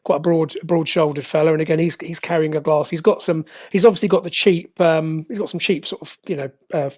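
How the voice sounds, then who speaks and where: A game master narrating a tabletop game, pausing often with fillers and restarts. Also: mid-range voice, steady tone, a little mellow. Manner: hesitant, many fillers and restarts.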